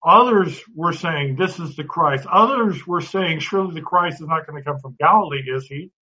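In a dull lo-fi recording, a man with a voice on the high side teaches a Bible class at a moderate pace. His tone is sharp, and he keeps things conversational, often restarting words and putting questions to the class.

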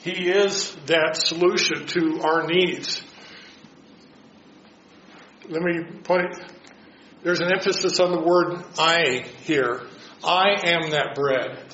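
Man leading a Bible study, voice a bit high, asks the group questions; roomy, muffled sound. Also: takes it slowly, long pauses, a bit bright, slight background noise. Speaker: Bible class teacher. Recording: dull echoey room recording.

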